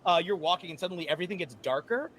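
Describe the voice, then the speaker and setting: Game master, man, high and lively delivery, slight background hiss. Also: rapid-fire. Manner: animated, laughing narration with many fillers. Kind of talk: narrating a tabletop game. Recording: faint background noise.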